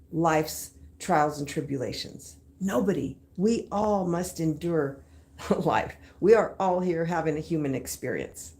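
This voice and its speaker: Woman, 30s, live-stream host, casual motivational talk, emphatic and slangy, lower voice. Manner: lively and emphatic, with repeated phrases and slang.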